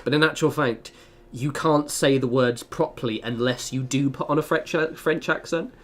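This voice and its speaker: Male gamer-streamer, mid pitch, chatty and rambling. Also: normal speed. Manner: chatty, rambling, lots of fillers. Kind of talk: casual chat while gaming.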